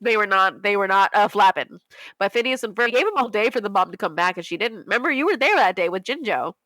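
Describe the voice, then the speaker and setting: Bright, animated young woman telling a story. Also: fast, no echo. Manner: animated, laughing, swearing, acting out quotes in high voices. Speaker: podcast co-host. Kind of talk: casual storytelling chat.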